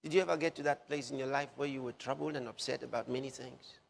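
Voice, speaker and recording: A man's voice: medium pitch, fairly even intonation, vocal fry. Man preaching in a reverberant hall. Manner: slow, repetitive emphasis on key phrases. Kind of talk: sermon.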